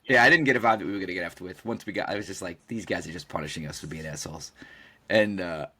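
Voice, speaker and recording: A man's voice: low voice, fast talker, crowd noise. A man co-hosting a podcast, telling a story casually, acting out the quoted dialogue and swearing freely. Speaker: podcast co-host.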